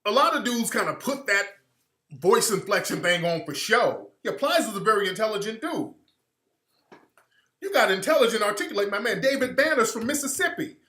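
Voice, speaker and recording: A man's voice: high voice, sing-song, moderate pace, pushed and bright, reverberant. A man from Alabama giving an emphatic, opinionated monologue as a commentator, hammering his points home with repetition. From Alabama, US South.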